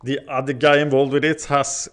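A man's voice: mid-range voice, little pitch movement, moderate pace, fairly bright tone. A man giving a casual vlog update on his projects, rambling with frequent fillers and self-corrections. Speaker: vlogger and podcaster.

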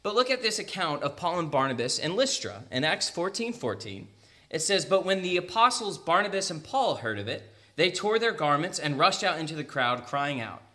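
A young man with an American accent giving a conversational sermon, laughing often and making quick asides. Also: fairly high pitch, big pitch swings, sharp tone. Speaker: preacher.

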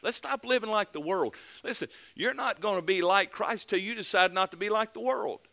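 A man preaching a fervent mid-week sermon as pastor, building to loud emphatic peaks and dropping back to earnest plain talk. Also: high voice, a little fast, vocal fry. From United States.

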